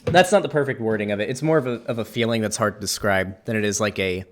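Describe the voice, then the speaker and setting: A man's voice: lowish voice, quick pace. A man hosting a casual conversation, rambling with many fillers and restarts. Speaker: streamer and host.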